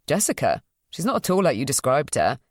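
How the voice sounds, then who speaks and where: A woman voicing Luke, a friendly, easygoing young doctor who is curious and polite and talks gently. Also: a little high, big pitch swings, fairly quick, no room sound, studio quality.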